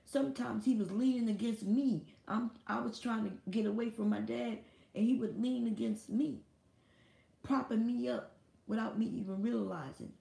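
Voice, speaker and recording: A woman delivers a loose, offhand monologue while hosting her live stream, blunt and quick with profanity. She keeps a steady tone in a low, mellow voice with gravelly fry, and her room echoes noticeably.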